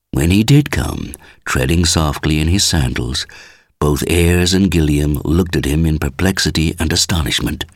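A man reading a story aloud as scripted narration, measured and expressive. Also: extremely low pitch, husky, no room sound, clean studio sound. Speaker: audiobook reader.

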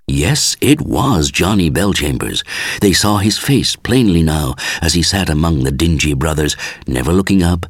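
A man reading a story aloud as scripted narration, measured and expressive. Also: extremely low pitch, no echo. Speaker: audiobook reader.

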